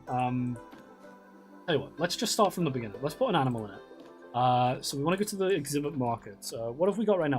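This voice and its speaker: A man streaming a zoo-building game, chatting casually with viewers in a rambling way, restarting sentences and swearing often. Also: a little high. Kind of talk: casual live-stream chat.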